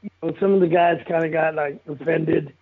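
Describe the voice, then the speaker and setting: An older man with a rough, gravelly voice that runs a little higher than most. He talks bluntly and profanely, breaking into chuckles as he goes. The sound comes through thin and tinny, like a phone call. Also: fairly even intonation, brisk. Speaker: guest telling stories of his football days. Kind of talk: casual storytelling interview.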